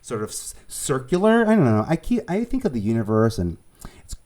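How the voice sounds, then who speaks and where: A man with a New York accent, a producer and casting director, chatting as an interview guest in an animated way, laughing easily and restarting his sentences. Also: mid-range voice, brisk. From Staten Island, New York. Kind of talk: conversational storytelling.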